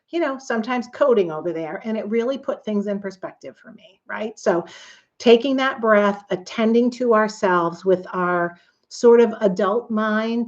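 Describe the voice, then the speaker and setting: A woman's voice: mid-range voice, muffled recording. A woman coach giving a conversational, earnest teaching talk, now and then acting out quoted voices. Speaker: coach and author.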